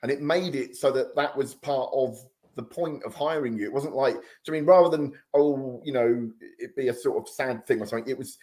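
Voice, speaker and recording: A man's voice: mid-range voice, brisk, hardly any pauses, a little mellow. A man hosting a casual chat, reminiscing with fan enthusiasm. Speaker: host.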